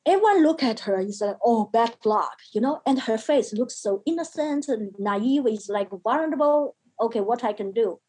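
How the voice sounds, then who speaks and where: A woman speaking as an interview guest, telling a personal story in halting phrases with many fillers and acting out the lines of the people in it. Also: on the high side, lively intonation, dark tone, husky, low-quality recording. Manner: emphatic, acts out quoted speech. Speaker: podcast guest, mental health educator.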